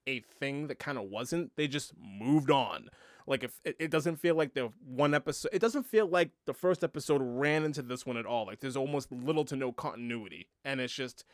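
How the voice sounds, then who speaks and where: A man co-hosting a casual review podcast, talking haltingly with many fillers and trailing off. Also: mid-range voice, no echo, clean studio sound. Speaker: podcast co-host.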